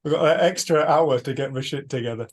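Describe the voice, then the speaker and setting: A man hosting a retreat over a video call, telling stories in an earnest, animated way. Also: a little high, a little fast. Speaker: retreat host. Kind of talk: casual reflective talk.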